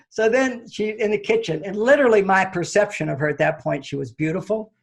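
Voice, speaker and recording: A man, a relationship author interviewed as a guest, telling a personal story and acting out his own reactions with sudden high, loud jumps. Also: lively intonation, a little fast, vocal fry, few pauses, breathy edge.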